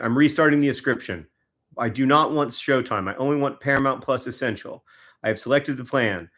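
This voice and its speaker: A man's voice: mid-range voice, moderate pace, a bit bright. A man, chatting casually on a livestream, giving exasperated, wry running commentary to viewers. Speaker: livestreamer signing autographs.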